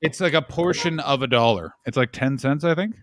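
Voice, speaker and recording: A man with a North American accent hosting a casual chat stream, joking and animated. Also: medium pitch, dry recording, clean studio sound. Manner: quick, joking, animated asides. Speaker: host.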